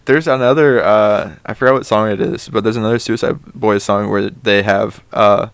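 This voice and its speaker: A young man with a low, gravelly voice co-hosting a casual podcast. He talks in an easygoing bro style and hesitates often, with fillers like "uh" and "like". The recording is close and dry. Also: steady tone, moderate pace, no echo. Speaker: podcast co-host. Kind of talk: casual chat.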